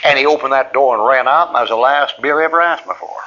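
A man's voice: medium pitch, quick pace, pushed and bright, highs cut off. A man preaching a sermon, telling a personal story in a folksy way and acting out both sides of each conversation.

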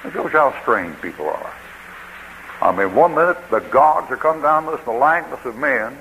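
A man's voice: mid-range voice, big pitch swings, fairly quick, gravelly, bright, forceful tone, a little hiss or hum, rough recording. A man preaching a sermon in a folksy, joking way, acting out what people say.

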